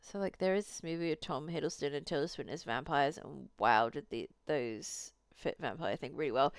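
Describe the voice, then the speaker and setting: A woman's voice: low voice, a little fast, few pauses, clean tone, dry recording. A young woman streamer reading a visual novel aloud, with chatty, cursing asides to her chat.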